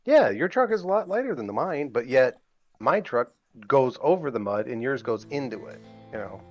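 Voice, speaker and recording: A man's voice: medium pitch, big pitch swings, normal speed, muffled recording, soft background music. A man chatting casually while playing a game with a friend, easygoing and often hunting for words. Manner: easygoing, searching for words with many ums. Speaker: co-player. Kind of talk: casual gameplay chat.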